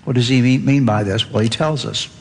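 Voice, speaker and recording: A man preaching an earnest sermon as pastor, lifting his voice when he reads scripture aloud. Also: a little fast. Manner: earnest, rises in pitch reading scripture aloud. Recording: long hall reverb.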